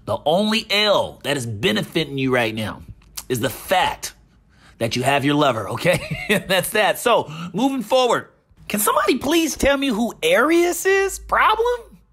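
A man's voice: sits high, big pitch swings, moderate pace, a bit bright, slightly rough. A man hosting a gaming channel, mockingly recounting online drama with a repeated catchphrase.

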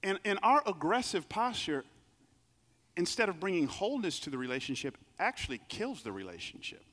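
Male pastor, lively storytelling sermon, high bright voice, reverberant sanctuary. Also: a little fast. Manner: lively storytelling preacher, acts out quoted voices. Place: church sanctuary. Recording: long reverb of a large hall.

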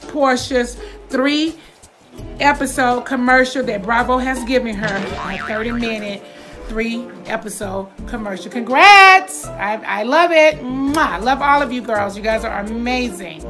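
A woman's voice: a little high, a little slow, music in the background. A woman in a live video rant, sassy, calling people "sis" again and again. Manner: sassy, repeats "sis" and "let's not forget". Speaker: reality TV star. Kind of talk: live social media rant.

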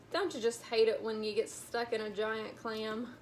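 A woman librarian reading a storybook aloud to children in an animated way, speaking to them directly. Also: fairly high pitch, normal speed, few pauses, slight background noise.

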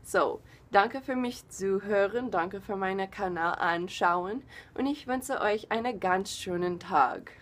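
A woman's voice: mid-range voice, a little slow, a little hiss or hum. Half-German woman vlogger, mid-range voice, delivers a punchy, profane rant. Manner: emphatic, profane, exasperated. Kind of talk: casual video rant.

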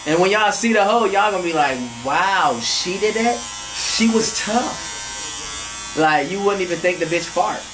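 Rowdy high-voiced man telling crude stories. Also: unhurried, recorded from a distance, background noise. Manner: crude, animated, says "fool" constantly. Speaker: vlogger. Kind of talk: casual storytelling chat.

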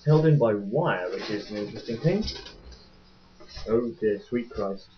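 A man's voice: on the low side, lively intonation, a little slow, noisy background. A young man chatting casually as he unboxes a toy boat, rambling and joking to his webcam. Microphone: webcam mic. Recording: dull lo-fi webcam audio.

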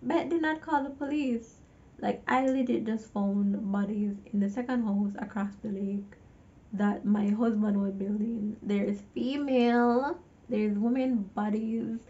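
A woman recaps a film in a loose, chatty way and keeps breaking off to vent at the viewer. Her voice is gravelly and mellow. The recording sounds a little dull and lo-fi. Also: mid-range voice. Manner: chatty, exasperated asides to the viewer. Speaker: movie reviewer. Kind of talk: casual movie recap.

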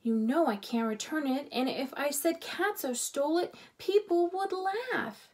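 A woman's voice: sits high, a little slow, darkish tone, voice pushed up. A woman voicing a kindly but doubtful teenage boy, speaking hesitantly with wonder, in a storybook reading.

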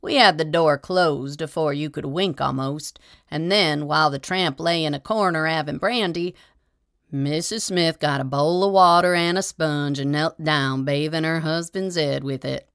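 Woman narrator, low voice, steady measured reading, dry close recording. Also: no echo. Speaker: audiobook reader. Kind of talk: scripted narration of a short story.

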